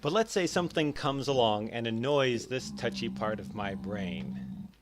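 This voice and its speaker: A man explaining psychology in a casual, animated way over gameplay, acting out his own thoughts in quick bursts. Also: medium pitch, noisy background. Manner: animated, acts out his own inner voices. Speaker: educational YouTuber.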